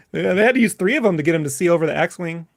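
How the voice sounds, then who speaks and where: A man co-hosts a casual podcast stream in a somewhat high voice. He teases the others in easygoing banter and laughs often. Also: lively intonation, fast, creaky, no echo. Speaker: podcast co-host. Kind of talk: casual live-stream chat.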